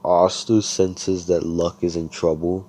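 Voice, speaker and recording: Low-voiced young man rambling through a fan story. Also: little pitch movement, takes it slowly, dark tone, slight background noise. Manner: rambling, profane, filler-heavy. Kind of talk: casual fan-fiction storytelling. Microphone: computer headset or desk mic.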